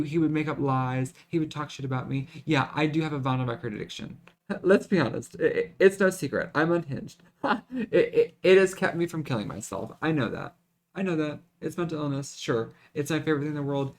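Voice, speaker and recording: A young man with a somewhat high voice speaks straight to his viewers in a confessional vlog. He talks dramatically, swears freely and keeps stumbling into restarts and repeated words. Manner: dramatic, profane and repetitive, with frequent restarts. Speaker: vlogger.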